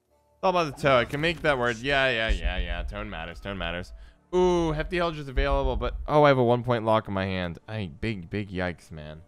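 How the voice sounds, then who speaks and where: Animated, smooth-voiced male game streamer. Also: mid-range voice, fairly quick, soft background music. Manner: playful, chatty, reads and answers chat aloud. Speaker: streamer playing a card game. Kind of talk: casual live-stream gameplay commentary.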